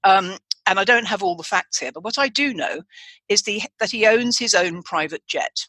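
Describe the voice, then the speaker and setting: A woman hosting a chatty podcast, her voice bright and forward. She wanders through her points with plenty of restarts and side remarks. The sound is close and dry, with no room around it. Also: medium pitch, lively intonation, moderate pace, breathy edge, dry recording. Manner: rambling, with many restarts and asides. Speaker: podcast host. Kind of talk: casual chat.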